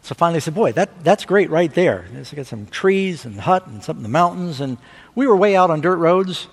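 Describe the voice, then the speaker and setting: A man preaching a sermon, telling stories with rising excitement and asking the audience for amens. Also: a little high, fast, gravelly, husky. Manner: animated storytelling preacher. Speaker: pastor. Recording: long hall reverb.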